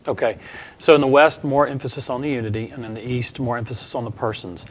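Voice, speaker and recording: A man's voice: mid-range voice, fast. Male interview host, mid-range voice, faint background noise, summarizing questions.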